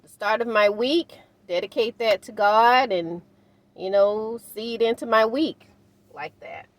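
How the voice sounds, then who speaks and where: An older woman talking casually to her viewers while cooking in her van, unhurried and encouraging. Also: a little high. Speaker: van life vlogger. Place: inside a parked van.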